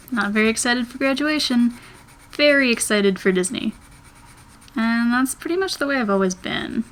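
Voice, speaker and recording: A woman in her twenties, a vlogger chatting casually while she draws, rambling and thinking out loud. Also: mid-range voice. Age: 20s. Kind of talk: casual chat while drawing.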